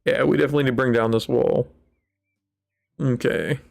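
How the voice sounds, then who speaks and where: A man's voice: medium pitch, steady tone, fairly quick, creaky, darkish tone. A man giving casual let's-play commentary in a rambling, wry way, with mock-dramatic sulking. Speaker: gaming channel host.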